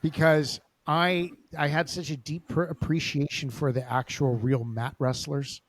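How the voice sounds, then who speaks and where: Animated man telling stories. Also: fairly high pitch, unhurried, dry recording. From Los Angeles, USA. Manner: animated storyteller, laughs often. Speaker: podcast host. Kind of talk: casual interview storytelling.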